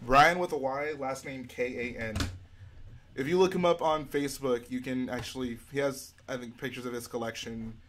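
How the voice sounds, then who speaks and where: A relaxed young man chats casually on a live stream while he works on a build. He reads viewer questions aloud and answers them one after another, easygoing and unhurried, at a middle pitch. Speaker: livestream host.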